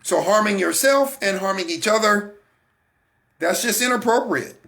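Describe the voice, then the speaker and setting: A man hosting a faith broadcast, preaching about emotions in an animated way and talking straight to his listeners. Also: high-pitched, normal speed, creaky. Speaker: host. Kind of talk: motivational faith talk.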